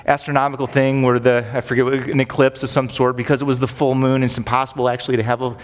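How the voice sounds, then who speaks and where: Conversational pastor in a reverberant space. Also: male voice, mid-range voice, level tone, fast. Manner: casual, asks rhetorical questions with "right?". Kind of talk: conversational Bible teaching. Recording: long reverb.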